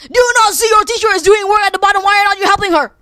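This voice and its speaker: A woman mimicking an angry, bossy school teacher who scolds loudly. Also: very high-pitched, racing, no room sound, studio quality, voice pushed up. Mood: scolding. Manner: scolding, loud.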